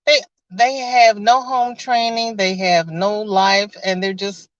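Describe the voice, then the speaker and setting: A woman's voice: medium pitch, fairly even intonation, takes it slowly, no room sound. A woman chats unhurriedly on a live stream from inside her car, reading out viewer comments and laughing often. Her voice comes through close and dry, with a dull, lo-fi quality. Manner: chatty, laughs often, greets viewers by name.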